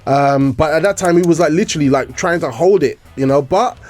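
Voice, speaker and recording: A man's voice: a little high, fairly quick, darkish tone, no room sound. Laughing man hosting a chat show. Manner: laughs often, restarts sentences. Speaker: host. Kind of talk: casual chat.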